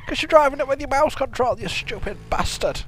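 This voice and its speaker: A man playing a cranky elderly father, high thin voice, sing-song lilt, deadpan and crude, improvised game banter. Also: a little fast, slight background noise. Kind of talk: improvised comedy gaming commentary.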